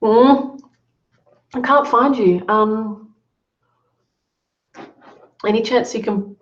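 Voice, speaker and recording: A woman with a fairly high voice speaks very slowly during a live online Q&A session. As a business coach, she responds to students' work with upbeat encouragement, and the audio is roomy and dull, with a lo-fi quality.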